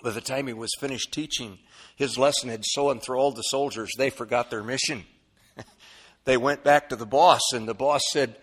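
A man preaching a sermon, folksy and animated, moving between loud, high exclamations and soft, low asides. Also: normal speed, slightly rough. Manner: folksy, repeats words, chuckles often. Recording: long reverb of a church hall.

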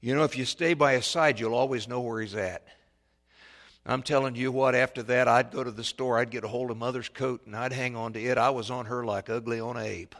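A man preaching a sermon, telling a folksy childhood story that builds to loud, excited peaks. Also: medium pitch, fairly quick. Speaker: pastor.

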